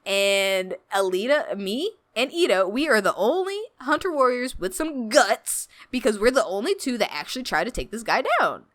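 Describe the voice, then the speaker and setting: A woman voicing a cocky, slangy young female cyborg fighter who talks loud and fast. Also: a little high, lively intonation. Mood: defiant.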